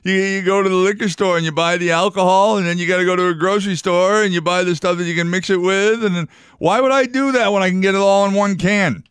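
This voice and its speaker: A man's voice: high voice, fairly even intonation, fast talker, fairly bright tone, clean tone, no echo, clean studio sound. A man co-hosting a radio show, chatting in a playful, joking way and laughing easily. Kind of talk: casual radio banter.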